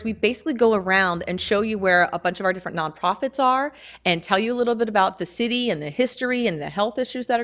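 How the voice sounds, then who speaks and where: A woman's voice: medium pitch, dull audio. Upbeat Baltimore woman presenting. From Baltimore, Maryland. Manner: upbeat, enthusiastic, conversational. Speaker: campus service office presenter. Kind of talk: presentation to admitted students. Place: lecture hall.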